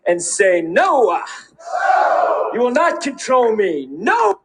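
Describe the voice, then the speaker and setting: An actor playing a crude, intense male self-help guru who shouts like a preacher at a seminar crowd, heard in a film clip. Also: very high voice, huge pitch swings, slow, heavy background noise, full character voice. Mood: fervent.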